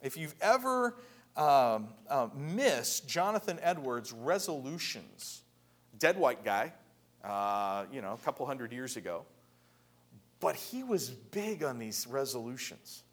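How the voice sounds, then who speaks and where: A man preaching a sermon in a conversational way, often repeating words and building to emphatic high peaks. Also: big pitch swings, takes it slowly. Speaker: pastor.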